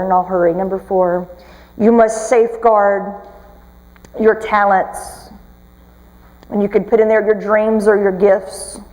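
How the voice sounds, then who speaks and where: High-voiced woman speaker in a big hall. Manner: lively, humorous storytelling, teasing the audience. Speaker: motivational speaker. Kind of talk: motivational talk to a live audience. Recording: long reverb of a large hall.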